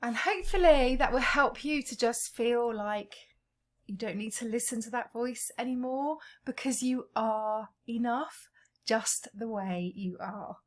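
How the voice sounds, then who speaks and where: A woman guides listeners through an emotional tapping routine, naming each point on the face and body in turn. Her voice sits fairly high and she takes her time, leaving space between the phrases. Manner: slow, gentle, calling out tapping points. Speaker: EFT tapping practitioner.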